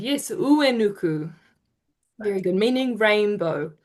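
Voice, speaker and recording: Over a video call, a woman presents an online te reo Māori pronunciation workshop, encouraging her group and drawing out the example sounds. Her mid-range voice has lively intonation.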